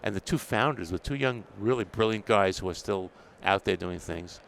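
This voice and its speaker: An older New Yorker, editor in dental technology, speaks at normal speed in a fairly low voice with vocal fry while telling stories in a relaxed interview. Animated and quick to laugh, he acts out the exchanges he quotes, with a little hiss or hum and faint trade show sounds in the background.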